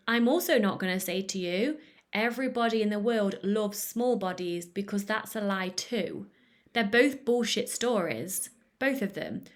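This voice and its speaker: A woman hosts a motivational podcast in a casual, emphatic way. She swears freely and laughs at herself, with a voice of middle pitch. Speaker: podcast host.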